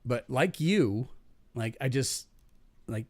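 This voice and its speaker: A man's voice: medium pitch, expressive, slow, dry recording. A man in a casual podcast chat, telling profane, rambling stories from his jobs with frequent restarts and laughing at his own punchlines.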